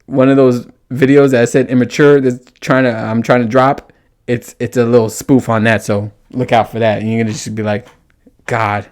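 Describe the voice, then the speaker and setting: A man's voice: medium pitch, flat delivery, normal speed, darkish tone. A young man hosting a podcast in a casual monologue, crude and joking, laughing often. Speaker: podcast host.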